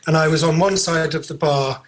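A man's voice: on the high side, fairly quick. A man with a British accent, a comedian telling a sweary anecdote in casual podcast chat. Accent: British English. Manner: sweary, animated storytelling with voiced quotes.

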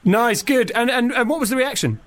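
A man's voice: extremely high pitch, fairly quick, noisy background. A man co-hosting a radio show, chiming in with short playful remarks. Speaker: radio co-host. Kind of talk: casual radio banter.

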